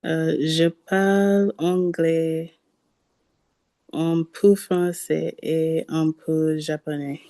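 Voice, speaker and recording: A woman from Jamaica, haltingly practicing a self-introduction as a student in a language class. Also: sits low, level tone, dark tone, no echo. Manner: halting, with hesitation sounds.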